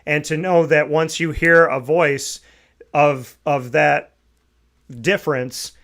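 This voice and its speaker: A man's voice: fairly high pitch, steady tone, takes it slowly, creaky, a bit bright. A man hosting a morning sports talk show, chatting casually and reading promos with enthusiasm.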